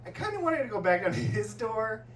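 High, animated male stand-up comic. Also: a little fast, a little hiss or hum. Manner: profane, animated storytelling. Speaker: stand-up comedian. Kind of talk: stand-up set. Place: comedy club stage. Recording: echoey club, distant mic, audience laughter.

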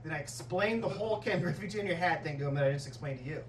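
Male stand-up comic, profane and animated, heard from a distance in a roomy club. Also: on the high side, quick pace, slight background noise. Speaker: stand-up comedian. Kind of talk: stand-up set. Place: comedy club stage. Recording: echoey club, distant mic, audience laughter.

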